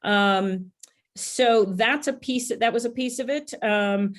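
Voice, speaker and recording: A woman's voice: a little high, slow pace. A woman guest, an NLP practitioner, casually telling stories about her clients, with lots of ums and restarts. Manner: rambling, frequent ums and restarts.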